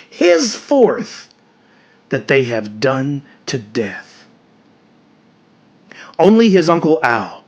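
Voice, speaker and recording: Man giving an expressive story reading. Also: medium pitch. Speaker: podcast host reading a story aloud.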